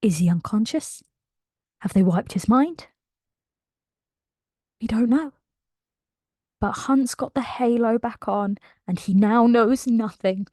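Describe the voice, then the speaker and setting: A woman excitedly recapping a novel in a casual, emotional way, laughing often. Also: fairly high pitch, slow pace, pauses often, no echo, studio quality. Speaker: book channel host.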